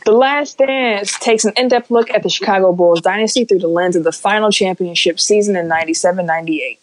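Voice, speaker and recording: A relaxed man co-hosting a casual podcast. He talks loosely and reads out lists in an easy, unhurried way over a remote call. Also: sits high, rough recording. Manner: relaxed, reads out listener stats with laughs. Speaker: podcast co-host.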